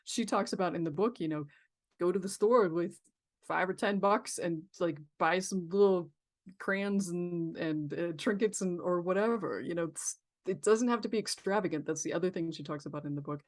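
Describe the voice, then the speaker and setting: A woman's voice: on the low side, moderate pace. A woman guest on a podcast, talking casually and reflectively about creativity, with frequent fillers and restarts. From San Diego, California. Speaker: therapist guest.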